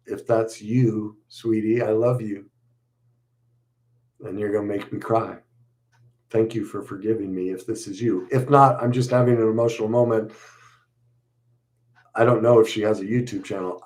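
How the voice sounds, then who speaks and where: Man, middle-aged, livestream host, casual chat, reads out viewer comments, mid-range voice. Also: medium pitch. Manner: reads viewer messages aloud and responds warmly, conversational with fillers.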